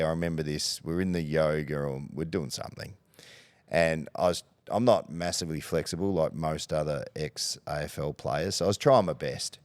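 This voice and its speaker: A middle-aged Australian man with a very low voice recounts stories in a relaxed podcast chat. He slips into the voices of the people he quotes. The sound is close and dry. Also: clear, resonant tone, dry recording. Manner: animated anecdotes, acting out quoted voices. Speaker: guest, former football coach. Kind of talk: podcast storytelling.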